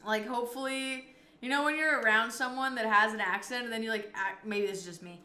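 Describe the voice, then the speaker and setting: Bright-voiced woman chatting on stream. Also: a little high, brisk, reverberant. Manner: chatty, reads and answers viewer messages. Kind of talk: casual live-stream chat.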